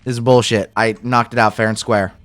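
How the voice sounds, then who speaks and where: A man's voice: on the low side, little pitch movement, fairly quick, a bit bright, dry recording. A young man giving casual, profane gameplay commentary, exasperated and talking to his in-game animals. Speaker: gaming video creator.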